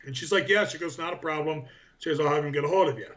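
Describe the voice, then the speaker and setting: A man's voice: fairly high pitch, rapid-fire, a bit bright. A man in his forties, a powerlifter guest, telling long rambling anecdotes in a casual interview, full of fillers.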